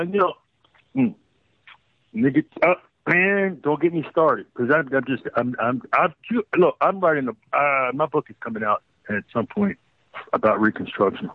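A male talk radio host in full rant, profane and emphatic. His higher-leaning voice swings widely in pitch. The sound is dry and narrow, like a phone line. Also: sing-song, normal speed, no echo.

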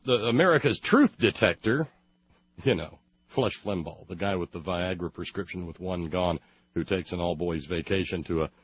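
Sarcastic talk host, husky voice, dry close sound, slightly dull audio. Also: male voice, on the low side, no room sound. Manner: sarcastic, rambling with many fillers. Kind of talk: casual radio monologue.

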